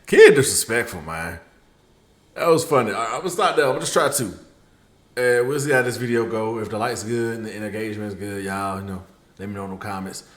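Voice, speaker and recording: A man's voice: fairly low pitch, fairly quick, a bit bright. A man hosting a casual reaction video, laid-back and laughing along. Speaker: reaction channel host. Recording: roomy echo.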